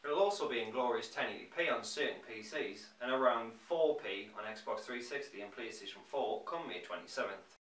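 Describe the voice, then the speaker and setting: Bright-voiced Geordie man cracking wise over news. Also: medium pitch, expressive, fairly quick. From North East England. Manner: wisecracking, mock-enthusiastic. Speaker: co-host of a gaming news show. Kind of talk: scripted comedic news reading. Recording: roomy echo, mic at a distance.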